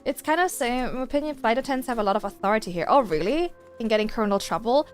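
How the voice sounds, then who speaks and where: A woman streamer telling a story in casual chat while gaming, animated and exasperated, swearing freely. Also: on the high side, fast talker, faint music behind.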